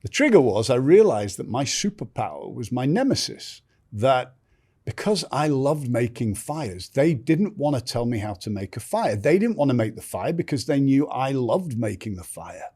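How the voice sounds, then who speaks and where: A man's voice: medium pitch, big pitch swings, moderate pace, a little mellow, breathy edge. A middle-aged man, a podcast guest, telling stories in conversation and acting out other people's lines. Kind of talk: storytelling in conversation.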